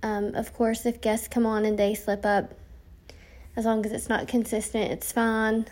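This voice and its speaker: A woman's voice: a little high, little pitch movement, unhurried, a little mellow. A young woman hosting a podcast, chatting casually with lots of ums, tired and yawning late at night. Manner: chatty, frequent ums, reading from notes. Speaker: podcast host. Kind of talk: casual podcast intro monologue.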